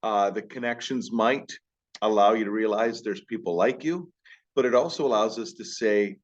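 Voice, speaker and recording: A man who teaches high school, talking casually to camera in a rambling, self-deprecating way. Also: normal speed, dull audio. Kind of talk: casual vlog talk.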